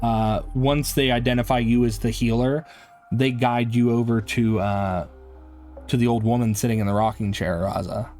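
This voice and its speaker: A man at a medium pitch runs a tabletop horror game as game master, halting often with ums and restarts. Faint music plays behind him. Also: steady tone, a little mellow. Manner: hesitant, full of ums and restarts.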